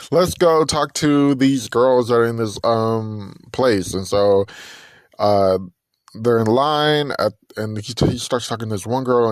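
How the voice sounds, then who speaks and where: A man's voice: medium pitch, dry recording, clean studio sound. A young man hosting a podcast, animatedly recapping a reality TV episode, acting out the people in it and laughing often. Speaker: podcast host.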